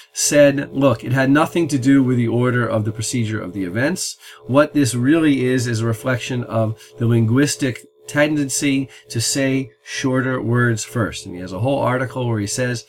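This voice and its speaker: A man's voice: medium pitch, a little hiss or hum. Man explaining an old text step by step. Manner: thoughtful, explains step by step with "um" and "uh" pauses. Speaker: Talmud teacher and podcast host. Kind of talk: explanatory lecture on text wording.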